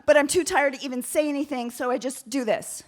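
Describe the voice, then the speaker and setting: A woman from Oakland telling a candid, comic story live on stage, getting animated as she goes. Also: high voice, brisk, slight background noise. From Oakland, United States.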